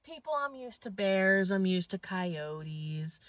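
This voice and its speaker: A woman's voice: mid-range voice, slow, no room sound. A woman from northeastern Pennsylvania telling a crude, exaggerated comic story. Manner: animated, crude, exaggerated delivery. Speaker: comedian.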